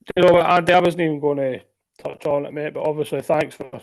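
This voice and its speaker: A Scottish man hosts the podcast in casual chat. He swears freely and keeps dropping quick "aye"s and "mate"s. His voice sits a touch high for a man and sounds dry and close. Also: fairly even intonation, dry recording. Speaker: podcast host.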